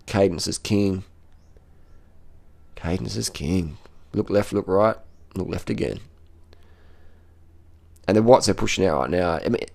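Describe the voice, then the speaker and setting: A man's voice: deep voice, a little mellow. A man giving casual running commentary on race footage as a cycling vlogger, blunt and profane, repeating short phrases.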